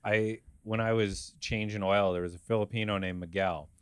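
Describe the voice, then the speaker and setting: A man's voice: lowish voice, normal speed, smooth, no room sound, clean studio sound. A man in his thirties, a guest on a comedy podcast, telling blunt, profane stories about old jobs. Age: 30s. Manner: blunt, profane, animated storytelling. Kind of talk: casual comedy podcast chat.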